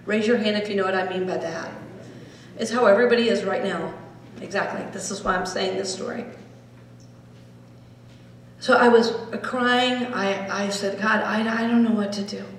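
A woman's voice: mid-range voice, normal speed, pauses often, slight background noise. Middle-aged woman minister, storytelling sermon, long hall reverb, faint room ambience. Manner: storytelling, drops to a soft hush for prayer phrases. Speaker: Unity minister. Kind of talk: sermon with guided meditation. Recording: echoey hall, voice from far off.

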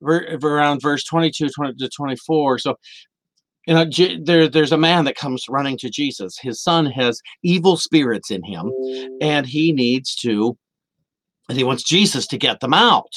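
A man delivering a sermon as minister to a camera for a livestream, earnest and animated. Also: a little high, moderate pace, no echo. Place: indoor room of a church.

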